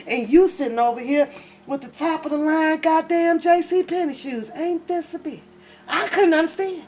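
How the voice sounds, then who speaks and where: A woman hosting her channel, telling comic stories in a casual, animated and profane way, laughing often. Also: high-pitched, normal speed, slight background noise. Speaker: channel host. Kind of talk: casual comedic storytelling.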